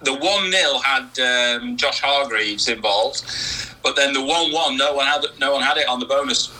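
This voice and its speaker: A man hosting a casual podcast, teasing out results with suspenseful pauses. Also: mid-range voice, pushed and bright, slight background noise, rough recording. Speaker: podcast host reading league results. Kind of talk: casual banter.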